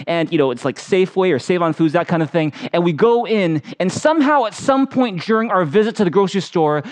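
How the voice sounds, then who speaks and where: A man preaching a sermon as pastor, telling personal stories in an animated way and acting out the voices in them. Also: a little high.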